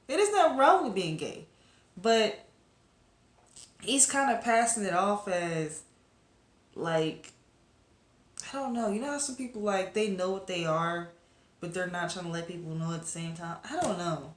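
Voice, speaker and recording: A woman's voice: mid-range voice, normal speed, roomy sound. A woman reviewing a webcomic episode to camera in a casual, rambling chat full of fillers and asides to her viewers.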